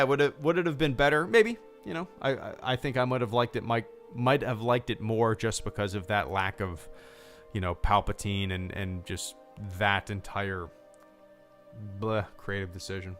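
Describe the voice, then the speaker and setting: A man's voice: medium pitch, a bit bright. Laid-back rambling male streamer. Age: adult, a father. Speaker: live stream host. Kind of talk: casual live stream chat.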